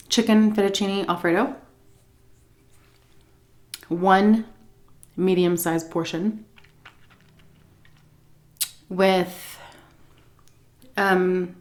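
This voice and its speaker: A woman food vlogger telling a story in a chatty, casual way while she eats, often breaking into laughs. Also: on the low side.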